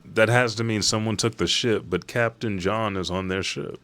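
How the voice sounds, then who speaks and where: A man hosting a casual reaction, reading a chapter aloud. He swears freely and gets excited. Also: on the low side, moderate pace, no room sound. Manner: profane, excitable, reads quoted lines aloud. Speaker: manga reaction host.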